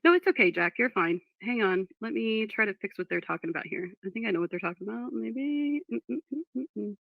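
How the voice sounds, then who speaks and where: A woman's voice: fairly high pitch, expressive, fast talker, vocal fry, dry recording. A woman talking casually on a live stream, frustrated and distracted while reading chat and apologizing. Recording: dull dry lo-fi mic.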